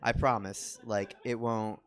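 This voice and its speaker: A man's voice: fairly low pitch, flat delivery, measured pace. Rambling, self-deprecating male stand-up comic. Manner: rambling, self-deprecating, many ums and restarts. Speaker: stand-up comedian. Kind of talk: stand-up comedy set. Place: comedy theater stage.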